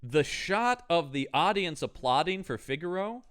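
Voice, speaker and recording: A man co-hosting a podcast, chatting about a movie in a playful, animated way, often laughing. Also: a little high, normal speed, dry recording, clean studio sound. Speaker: podcast co-host. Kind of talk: casual movie recap chat.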